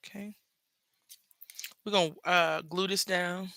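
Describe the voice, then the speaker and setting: A man with a high, gravelly voice and a sharp, very bright edge hosts a crafting video. He chats in a playful, gossipy way and keeps throwing asides to his viewers. The sound is close and dry. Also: fairly even intonation, takes it slowly, no room sound. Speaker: craft channel host. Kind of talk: casual crafting chat.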